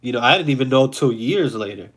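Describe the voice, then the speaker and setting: A man's voice: medium pitch, fast. Profane, blunt New man ranting. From New York City. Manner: blunt, profane, animated storytelling. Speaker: host. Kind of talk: casual storytelling monologue.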